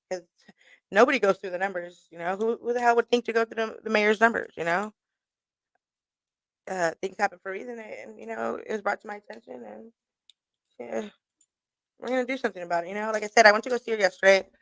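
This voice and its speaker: Woman radio host, mid-pitched, casual and profane, laughing often, dry close sound. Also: fairly bright tone, no room sound. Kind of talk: casual monologue. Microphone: studio mic.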